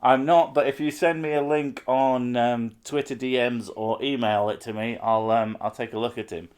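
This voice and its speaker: A man's voice: medium pitch, fairly even intonation, normal speed, a little mellow. A man hosting a live stream, chatting casually and rambling through self-mocking asides.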